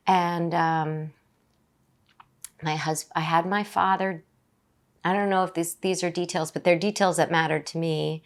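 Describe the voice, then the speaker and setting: A middle-aged woman on a podcast shares a personal story in a lowish, steady voice, stumbling through it with frequent fillers and restarts.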